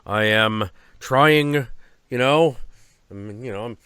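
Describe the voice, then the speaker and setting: A man's voice: medium pitch, slow, sharp tone, clean tone, no echo, clean studio sound. A man putting on a brash, profane wild writer while telling a story over a video call. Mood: ranting. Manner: brash and cursing. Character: profane, wild-talking male writer impression.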